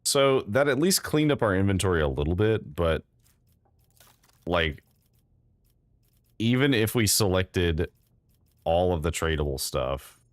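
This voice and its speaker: A man's voice: low-pitched, sing-song, measured pace, long pauses, no echo, studio quality. A man casually commenting on his game as he plays, chatty and thinking aloud with fillers. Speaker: game streamer. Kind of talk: casual let's-play commentary.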